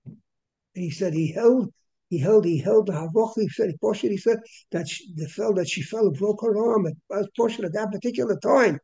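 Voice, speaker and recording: Creaky, husky man giving a Torah class. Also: high voice, normal speed, mellow, low-quality recording. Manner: repeats words, frequent throat clearing. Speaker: Torah teacher.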